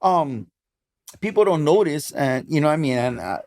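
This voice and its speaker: Animated Hawaiian man in his fifties. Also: a little high, normal speed. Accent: Hawaiian English. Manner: animated storyteller, lively and emphatic. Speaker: guest, DJ and club promoter. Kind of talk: casual interview chat.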